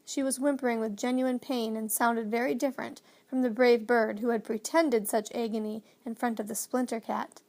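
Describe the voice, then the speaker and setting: A woman narrating a children's storybook in a clear, expressive way. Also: on the high side, normal speed, hardly any pauses. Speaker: audiobook narrator.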